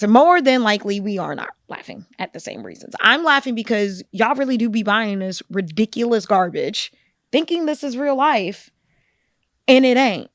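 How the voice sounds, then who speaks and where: A woman co-hosting a book podcast, talking in an animated, conversational way with frequent asides. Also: medium pitch, moderate pace, no room sound, clean studio sound. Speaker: podcast co-host. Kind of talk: casual book discussion.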